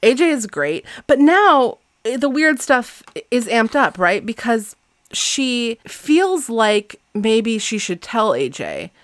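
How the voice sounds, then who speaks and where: A woman's voice: a little high, sing-song, slow, dry recording. A young woman co-hosting a casual book podcast, laughing often and reading passages aloud. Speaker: podcast co-host.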